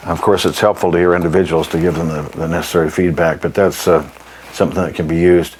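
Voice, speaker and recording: A man teaching saxophone articulation, explaining in an unhurried way, often clearing his throat and pausing with ums. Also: deep voice, level tone, darkish tone, slight background noise. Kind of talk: instructional lesson.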